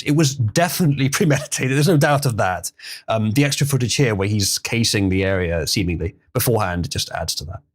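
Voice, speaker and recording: A man hosting a livestream, chatting casually, reading chat messages and laughing often. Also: mid-range voice. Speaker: livestream host.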